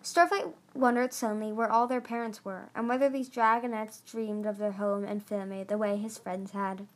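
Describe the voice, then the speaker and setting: A woman's voice: mid-range voice, fairly even intonation, moderate pace. A woman reading a novel chapter aloud, earnest, with occasional stumbles and restarts. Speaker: audiobook reader.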